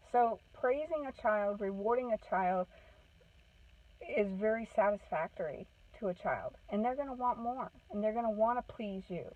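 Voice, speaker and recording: A woman's voice: mid-range voice, no echo, recorded from a distance. Earnest woman giving parenting advice, tinny. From Maine. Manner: earnest, repeats "okay?" to check in with listeners. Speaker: parenting advocate. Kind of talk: casual parenting advice talk. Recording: tinny phone-like sound from off the mic.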